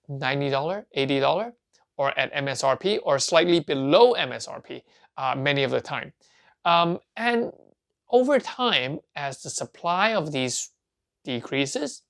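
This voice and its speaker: Chatty video host with a gravelly voice. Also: mid-range voice. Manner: chatty, asks and answers own questions. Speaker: collecting channel host. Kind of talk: casual talk to camera.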